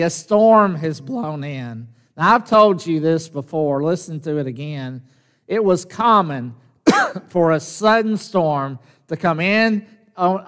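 A pastor preaching a sermon, speaking slowly and emphatically and often asking his congregation rhetorical questions. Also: on the high side, fairly bright tone. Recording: long reverb of a church hall.

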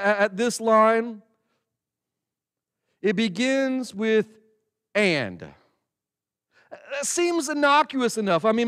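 A male pastor gives a relaxed, chatty sermon and slows down to stress words in prayer. His voice sits a little high and sounds smooth and resonant. A long reverb trails behind it in the church hall. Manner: conversational, with slow emphatic prayer recitation. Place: church sanctuary.

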